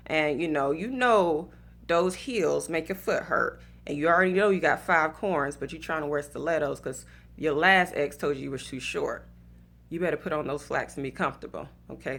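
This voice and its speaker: A woman's voice: deep voice, fairly bright tone. Chatty Southern woman telling a story. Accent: Southern US (Atlanta). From Atlanta, Georgia, USA. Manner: chatty, lots of fillers, laughs at her own story, preachy asides. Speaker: speaker giving relationship advice. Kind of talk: casual storytelling monologue.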